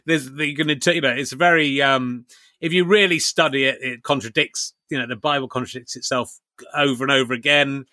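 A man's voice: medium pitch, steady tone, brisk, pushed and bright, dry recording. A man hosting a comedy podcast, musing casually and chuckling between points. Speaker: podcast host.

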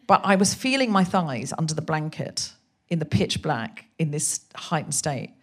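A woman guest on a podcast, telling a comic story in a casual, animated way, sometimes swearing and acting out voices. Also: deep voice, moderate pace, slightly rough. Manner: animated, swearing, acts out voices in her anecdotes.

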